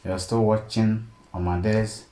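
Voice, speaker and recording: A man teaching a design software tutorial step by step and often checking in with "okay?". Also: on the low side, normal speed. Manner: steady step-by-step explaining, frequent "okay?" check-ins. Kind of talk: screen-recorded tutorial narration. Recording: echoey room, faint background noise.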